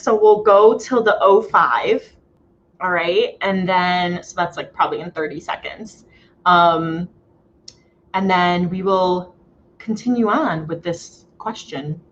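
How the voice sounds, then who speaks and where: A chatty, upbeat woman hosts a live stream and talks casually, using plenty of fillers. Her audio sounds dull and lo-fi, with a faint hiss underneath. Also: medium pitch. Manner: chatty and upbeat, many fillers, laughs often. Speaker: host of a live writing stream. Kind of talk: casual livestream chat.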